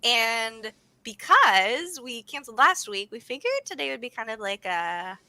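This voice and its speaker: A woman's voice: a little high, sing-song, unhurried, sharp tone, dry recording, low-quality recording. A young American woman co-hosting a casual livestream, bubbly, laughing often and exclaiming as she chats. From United States. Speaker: co-host.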